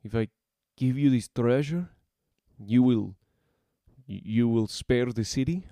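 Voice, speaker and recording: A man's voice: medium pitch, slow pace, mellow, dry recording, clean studio sound. A man voicing a small, frightened warrior king who stammers and pleads. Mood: pleading.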